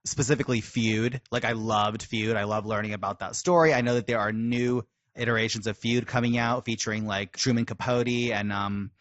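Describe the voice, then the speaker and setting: A man's voice: lowish voice, fairly even intonation, fairly quick, a bit bright, no echo, highs cut off. A man co-hosting a podcast, chatting with enthusiasm in a casual way. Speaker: podcast co-host. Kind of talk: casual chat.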